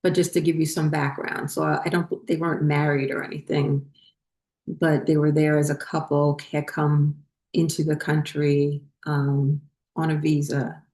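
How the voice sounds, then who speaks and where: A woman's voice: low-pitched, level tone, normal speed, darkish tone, roomy sound. A woman host telling a personal story in a casual, rambling way, full of fillers and restarts. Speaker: spiritual channel host.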